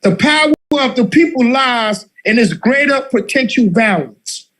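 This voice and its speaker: Fiery high-voiced man lecturing. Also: animated, a little slow, a bit bright, rough recording. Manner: fiery, repeats phrases, many fillers. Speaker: study group leader. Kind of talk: impassioned political lecture.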